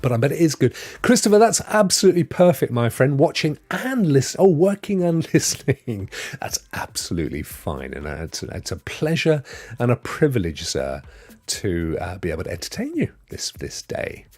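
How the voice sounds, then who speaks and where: A man's voice: mid-range voice, huge pitch swings, normal speed, a little mellow. Chatty man hosting a livestream. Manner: chatty, greets viewers by name, rambling asides. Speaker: livestream host. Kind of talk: casual live stream chat.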